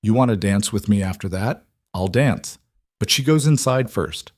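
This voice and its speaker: A man voicing a tired, quietly defiant old gunslinger in a western story, speaking quietly and flatly. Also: lowish voice, normal speed, dry recording, clean studio sound. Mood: quiet defiance. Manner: quiet, flat, world-weary.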